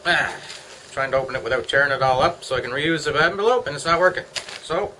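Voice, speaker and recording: Fast-talking and animated, this middle-aged Canadian man's slightly high voice sounds pushed and bright over slight background noise on a rough recording. He's a vlogger chatting at home, cracking jokes, muttering to himself, and meandering from subject to subject.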